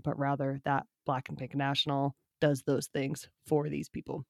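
A woman's voice: low voice, normal speed, gravelly, few pauses, no echo, clean studio sound. Giggly self-mocking woman podcaster. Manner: rambling, self-mocking, laughs often. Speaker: podcast co-host. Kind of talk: casual chat.

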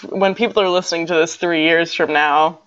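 A woman's voice: lowish voice, steady tone, brisk, a bit bright. A woman co-hosting a casual podcast, rambling with lots of fillers and poking fun at herself. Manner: rambling, filler-heavy, self-mocking. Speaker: podcast co-host. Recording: dull lo-fi audio.

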